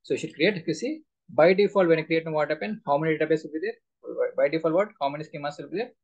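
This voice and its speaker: Man quizzing his class, gravelly voice. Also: on the high side, quick pace, darkish tone, lo-fi sound. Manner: quizzing students with repeated questions. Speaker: SQL instructor. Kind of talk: live online class teaching.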